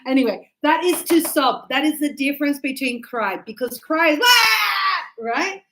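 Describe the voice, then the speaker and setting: A woman teaching English pronunciation to a class, animated, acting out examples and checking often that everyone understands. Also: high-pitched, normal speed, slight background noise, low-quality recording.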